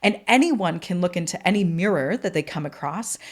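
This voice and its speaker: A young woman hosting a podcast, telling a long story in a chatty, rambling way with many restarts, putting on a high bubbly voice for quoted lines. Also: animated, brisk. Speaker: podcast host. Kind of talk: storytelling monologue.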